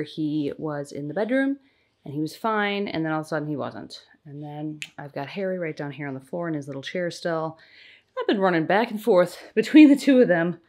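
A young woman and tired mother chatting at home in a home vlog, slipping into high sing-song baby talk. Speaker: mother of infant twins.

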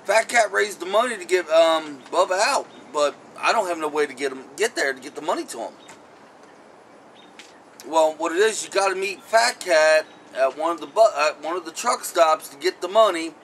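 A man's voice: fairly high pitch, a bit bright, a little hiss or hum, poor audio. A man hosting a comic vlog skit, rambling and acting out phone calls. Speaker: comedy vlog host.

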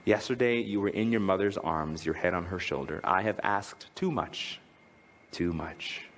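A man's voice: moderate pace, in a large hall. A man preaching a sermon as pastor, telling a family story and reading a poem aloud with big swings in tone. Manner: lively, swings from high to low when reading aloud. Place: church.

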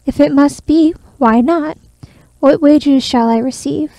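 A woman voicing a boastful, quick-witted little male tailor in a cocky, lively way, as whispered role-play. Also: sits high, dry recording, rough recording. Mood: timid.

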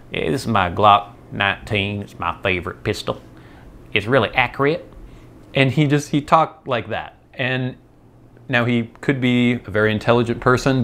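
An American man hosts a vlog, his voice fairly low and fairly bright, with a slight hiss or hum in the background. He thinks aloud in a loose, rambling way, tossing in self-deprecating remarks.

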